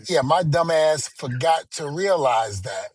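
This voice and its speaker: A man's voice: a little high, lively intonation, measured pace, slightly rough. A middle-aged man co-hosting a podcast, telling stories in a playful, casual way and acting out the dialogue. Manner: storytelling, playful, acts out quoted dialogue. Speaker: podcast co-host.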